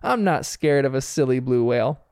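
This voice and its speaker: A man's voice: medium pitch, lively intonation, moderate pace, darkish tone, clean tone, dry recording, studio quality, natural voice. A man voicing a brave little girl puppy playing pirate, eager and urging, in a cartoon recap.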